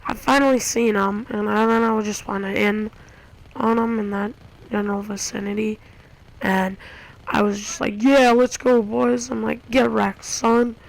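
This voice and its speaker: Gravelly, excitable woman gamer. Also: mid-range voice, moderate pace, rough recording. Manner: excitable, acts out own reactions. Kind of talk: casual gameplay commentary. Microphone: console share recording.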